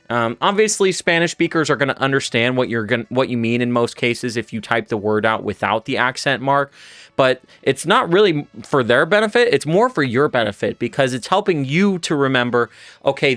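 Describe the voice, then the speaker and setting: A man's voice: medium pitch, fairly bright tone, smooth, no echo. A man who is a native English speaker, teaching Spanish on a casual livestream, rambling and often restarting his sentences. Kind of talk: livestream lesson.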